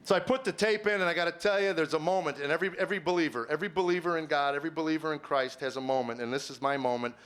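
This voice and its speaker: A middle-aged man doing stand-up, telling a story and acting out the dialogue with lively voice shifts. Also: fairly high pitch, racing, few pauses, smooth. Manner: animated, acts out dialogue with voice shifts. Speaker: stand-up comedian. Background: audience laughter.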